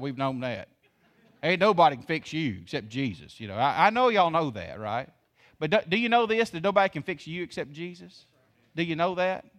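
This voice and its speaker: A man's voice: on the high side, a bit bright. A male pastor, preaching a sermon with folksy, emphatic rhetorical questions. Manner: folksy, calls the congregation y'all.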